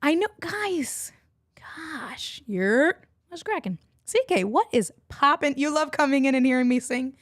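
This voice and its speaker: A woman's voice: high-pitched, animated, moderate pace, no room sound, studio quality. A middle-aged woman hosting a casual livestream, chatting and laughing with her viewers as she goes. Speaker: livestream host and online entrepreneur.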